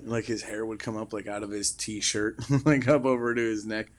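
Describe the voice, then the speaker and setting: A man's voice: on the low side, fairly even intonation, moderate pace. A man in his late twenties in casual, crude banter over a video call, laughing easily. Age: 20s. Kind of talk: casual chat.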